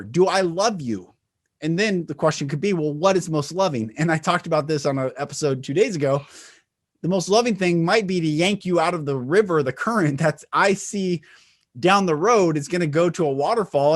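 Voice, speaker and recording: A man's voice: expressive, a little fast. Earnest man giving a spiritual talk. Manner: earnest, varies pitch, volume and pace to demonstrate, with light laughs. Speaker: speaker and retreat leader.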